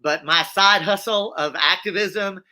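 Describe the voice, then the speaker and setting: A man in his fifties tells his story to an interviewer, animated and emphatic, circling back with restarts and repeated phrases. His voice sits a bit high for a man and rings with a hard, piercing brightness. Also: unhurried. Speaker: interview guest.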